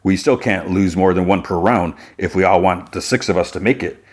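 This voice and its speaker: A man's voice: sits low, brisk. A man voicing a self-righteous man who lectures and shifts the blame, in a podcast recap. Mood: lecturing. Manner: preachy, lecturing.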